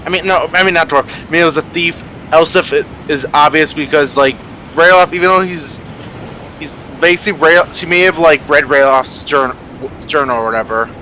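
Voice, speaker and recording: Bright-voiced man, rambling and self-correcting. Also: on the high side, normal speed, a little hiss or hum, poor audio. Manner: rambling, constantly restarting and correcting himself. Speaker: player. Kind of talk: casual chat during tabletop game setup.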